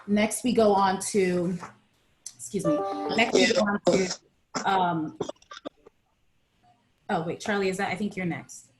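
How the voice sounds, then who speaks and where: A woman on a video call, recounting events to an online group with frequent pauses and fillers. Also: medium pitch, steady tone, roomy sound, over music. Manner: hesitant, many fillers and restarts. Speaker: presenter on a panel. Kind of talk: reading a timeline to an online group.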